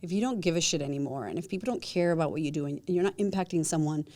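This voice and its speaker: A woman guest talks in a lively, emphatic way, slipping in little acted-out voices for the people she quotes. Her voice sits a bit low and mellow, with a warm dark tone rather than any brightness. It is easy, casual podcast conversation. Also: rapid-fire. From United States. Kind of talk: casual interview chat.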